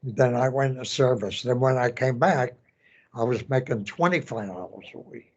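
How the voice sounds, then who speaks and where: An elderly man in his nineties, a veteran telling his story in an oral history interview, halting and repeating words as he goes. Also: mid-range voice, a little mellow, highs cut off. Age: 90s. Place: veterans center room.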